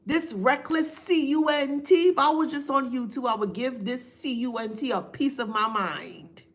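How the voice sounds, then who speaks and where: A woman with a high voice, at normal speed, gives a casual spiritual reading on a live stream. She's emphatic and repeats phrases, reading viewers' names aloud as she thanks them.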